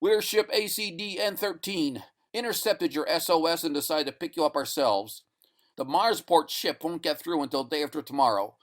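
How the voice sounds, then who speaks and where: A man voicing a calm, reassuring spaceship rescuer in a story reading. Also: a little high, normal speed, pitched above the performer's own voice, natural voice.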